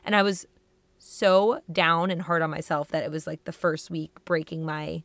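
A woman's voice: sits low, fairly even intonation, a bit bright, no room sound. A young woman co-hosting a podcast, chatting casually in an upbeat, talkative way. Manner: chatty, upbeat, quick laughs. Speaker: podcast co-host. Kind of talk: casual chat.

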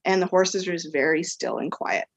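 With a low-pitched, slightly rough voice and some vocal fry, a woman guest on a podcast, an equine therapy practitioner, recounts a personal story in a rambling, casual style heavy on "um" and "like." She talks at normal speed. The recording is low quality, with no echo.

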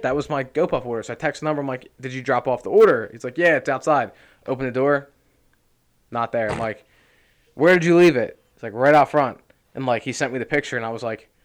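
Swearing often as he spins lively stories, this young man co-hosts a podcast in a casual, chatty style. He comes from the Philadelphia area and has a smooth, mid-range voice.

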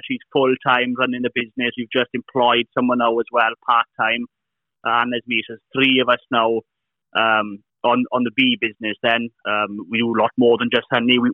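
A man, a guest explaining his beekeeping business, talking in a halting way with many restarts. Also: medium pitch, no echo. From Wales. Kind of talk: casual interview talk. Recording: dry, tinny phone-like line.

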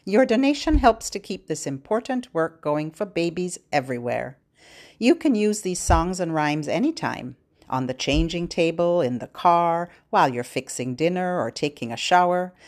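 A woman's voice: lowish voice, sing-song, moderate pace. Sing-song woman leading baby rhymes. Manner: sing-song, playful, gentle instructions to parents. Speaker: podcast host for babies. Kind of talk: singing nursery rhymes and fingerplays.

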